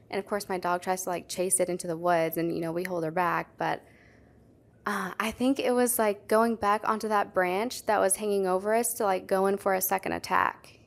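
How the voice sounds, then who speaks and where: With vocal fry in a medium-pitched voice, this young woman recounts a story while chatting on the podcast she co-hosts. Her delivery is talkative and packed with "like."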